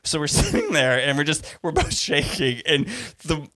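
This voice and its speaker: A man's voice: a little high, huge pitch swings, normal speed, pushed and bright. A man co-hosting a podcast, telling a story in casual chat and laughing as he acts out the people in it. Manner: laughs through his story, acts out voices. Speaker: podcast co-host.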